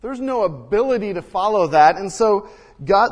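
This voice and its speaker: Man, preacher, sermon with scripture, high voice, loud-to-hushed dynamics, long hall reverb. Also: expressive, moderate pace. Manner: dramatic swings between loud emphasis and hushed quiet.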